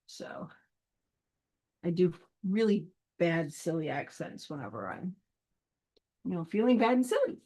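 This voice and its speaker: A woman's voice: lowish voice, sing-song, unhurried, pauses often, mellow, rough recording. A woman organizing a film event, thinking aloud as she works and mumbling half-finished counts to herself. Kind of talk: thinking aloud while working.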